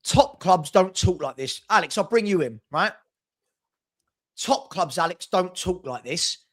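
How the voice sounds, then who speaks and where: A man's voice: sits high, lively intonation, a little slow, a bit bright. A man hosting a casual football chat stream, arguing his points emphatically with rhetorical questions. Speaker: podcast host.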